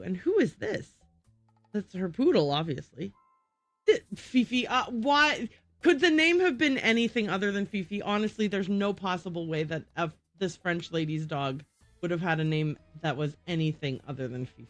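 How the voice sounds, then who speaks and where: A woman livestreaming a game and chatting to her viewers. She is giggly and self-deprecating, and her pitch jumps around a lot. The sound is close and dry, with faint game music in the background. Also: animated, moderate pace, dry recording. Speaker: game streamer. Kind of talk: live gaming commentary.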